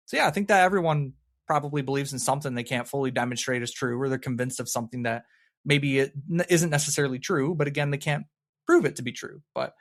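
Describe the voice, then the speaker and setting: A man appearing as a podcast guest, talking bluntly and pressing with questions, quick to laugh. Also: mid-range voice. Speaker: podcast guest, atheist content creator. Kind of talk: casual conversation.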